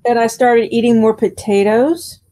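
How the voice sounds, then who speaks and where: A woman's voice: a little high, normal speed, dark tone, dry recording. A woman co-hosting a podcast in casual chat, joking and murmuring agreement. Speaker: podcast co-host.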